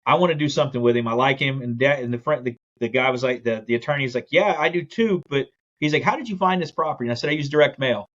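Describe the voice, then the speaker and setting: A man's voice: mid-range voice, dull audio. A man telling his business story in a podcast interview, acting out the quotes as he goes. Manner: fast, animated storytelling with acted-out quotes. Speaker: guest, land investor.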